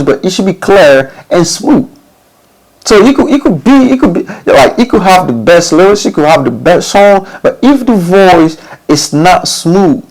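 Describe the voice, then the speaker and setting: Emphatic man with a fairly high voice. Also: darkish tone, low-quality recording. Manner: repetitive, restarts phrases, emphatic rhetorical questions. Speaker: studio host giving advice to recording artists. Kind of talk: casual talk to camera.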